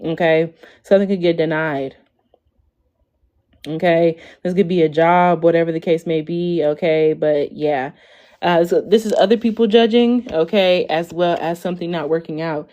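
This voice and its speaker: Chatty young woman tarot reader, lower voice. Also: steady tone, normal speed, mellow, dull audio. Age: 20s. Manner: chatty, ends lines with "okay?", lots of "like" and "y'all". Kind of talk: casual tarot reading livestream.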